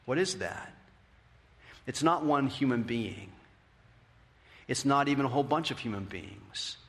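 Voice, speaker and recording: A man preaching a sermon as pastor, animated, acting out the quotes in a raised voice. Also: medium pitch, unhurried, slightly rough. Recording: hall with long reverb.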